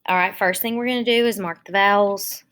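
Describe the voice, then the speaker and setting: A woman teaching a phonics lesson to young children, explaining each step slowly and patiently. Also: medium pitch, fairly even intonation, a bit bright, smooth.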